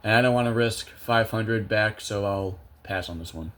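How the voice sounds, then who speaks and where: A young man talks casually over his gameplay, thinking aloud and amusing himself. He fills his speech with hesitations and restarts. His voice sits somewhat low. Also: moderate pace, fairly bright tone, a little hiss or hum. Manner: chatty, self-amused, thinks aloud with many fillers. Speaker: gameplay video creator.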